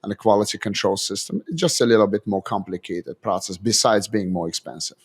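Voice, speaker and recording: Low-voiced man. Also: husky. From Azerbaijan. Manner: measured, technical explanations with short agreeing replies. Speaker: guest, dental lab chief executive. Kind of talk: interview answers.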